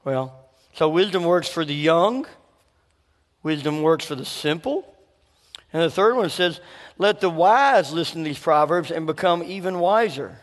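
A male pastor preaching a sermon in an animated way, laughing and acting out conversations. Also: a little high, a little slow. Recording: long hall reverb.

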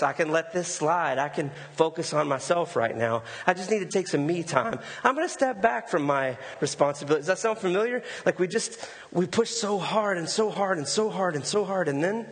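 A male pastor preaching a sermon in a conversational way, often repeating words for emphasis. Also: a little high. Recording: long hall reverb.

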